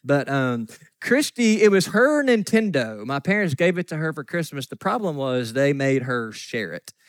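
A man's voice: on the high side, big pitch swings, normal speed, no echo. Male pastor, 40s, folksy storytelling sermon, dry close sound. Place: church sanctuary.

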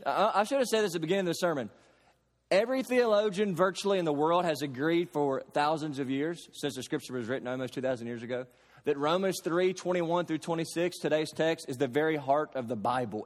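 A pastor from Kentucky preaching a sermon, emphatic, with slow stressed phrases and homely everyday examples. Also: male voice, a little high, long reverb tail.

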